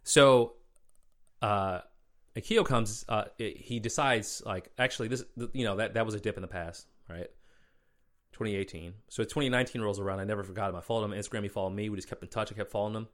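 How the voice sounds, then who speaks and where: A man's voice: on the low side, fast, a bit bright. A man from Minnesota hosting a podcast, telling a story in loose, chatty talk and often calling people "man" and "bro". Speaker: podcast host. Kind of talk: casual solo storytelling.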